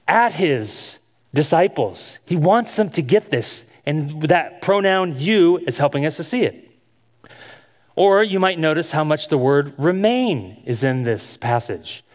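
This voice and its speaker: A man's voice: fairly high pitch, sing-song, unhurried. A man giving an instructional sermon, earnest and asking his listeners many questions as he teaches. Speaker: Bible teacher. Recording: long hall reverb.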